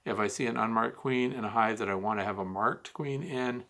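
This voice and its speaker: A man's voice: on the low side, a little fast, sharp tone, slight background noise. A man hosting a beekeeping Q&A, giving a blunt, teasing hands-on demonstration of gear. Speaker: beekeeping show host.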